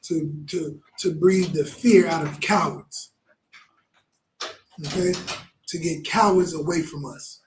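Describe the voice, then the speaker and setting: A man's voice: fairly high pitch, slow pace, pauses often, reverberant, a little hiss or hum, rough recording. A man preaching a fervent, blunt sermon with lots of repetition.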